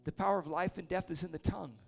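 A man preaching casually, telling a lively story and then praying over people in a church or meeting hall. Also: high voice, very fast, gravelly. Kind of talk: sermon with story and prayer.

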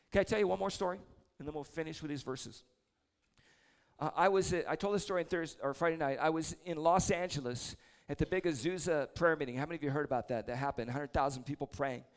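Gravelly, upbeat preaching man. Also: fairly high pitch. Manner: chatty, self-deprecating, humorous anecdotes. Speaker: prayer leader preaching. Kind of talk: storytelling sermon. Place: church service before a congregation.

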